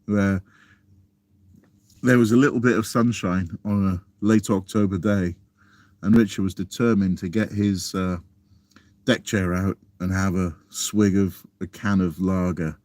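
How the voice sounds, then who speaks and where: Man, low voice, self-deprecating chatty streamer, dry close sound. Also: fairly even intonation, a little slow, darkish tone, no room sound. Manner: chatty, self-deprecating, chuckles often, reads comments aloud. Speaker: vlogger reading live chat. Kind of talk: casual live stream chat.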